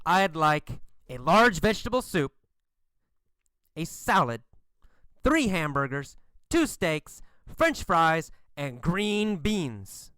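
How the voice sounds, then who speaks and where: A man puts on a hungry little bug from a storybook, impatient and whiny. The voice swoops up and down and drags slowly, in a dry, close sound. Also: a little high, very animated, bright, forceful tone, smooth, no room sound, heavily acted. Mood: ordering eagerly.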